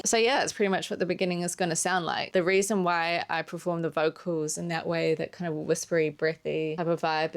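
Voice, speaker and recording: A woman with a New Zealand accent, a songwriter chatting casually in a vlog, peppered with "like". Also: fairly low pitch. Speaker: songwriter vlogger.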